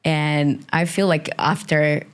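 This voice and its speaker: A woman's voice: low voice, fairly even intonation, takes it slowly, clean tone. A woman from Brazil with a Brazilian accent co-hosting a podcast, chatting casually and telling stories with loose, nonstandard English grammar. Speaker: podcast co-host. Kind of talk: casual chat.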